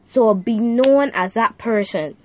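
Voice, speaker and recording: A woman's voice: a little high, slow, slight background noise. A young woman hosting a faith podcast who teaches in a casual, slangy way and keeps asking the listener "right?". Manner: animated, laughing, asks the listener "right?" often; slangy and playful. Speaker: youth podcast host.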